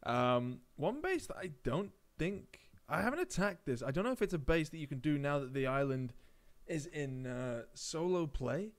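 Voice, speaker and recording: A man's voice: on the high side, very animated, moderate pace, hardly any pauses. Chatty man streaming a shooter game. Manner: chatty, talks to viewers in chat, calls them mate. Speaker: gaming streamer. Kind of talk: casual live-stream commentary.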